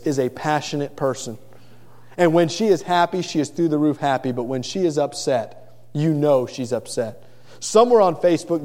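A middle-aged pastor preaches in an earnest, plainspoken way, restarting phrases as he goes. His voice sits a little high for a man but sounds mellow and warm. The sound rings out with the long reverb of a large hall. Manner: earnest, repeats words at the start of phrases. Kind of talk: sermon.

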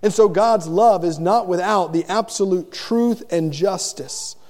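The long reverb of a large hall surrounds a middle-aged pastor giving a sermon. His high voice moves a little slowly with a darkish tone, and he earnestly repeats the starting word of phrases before continuing.

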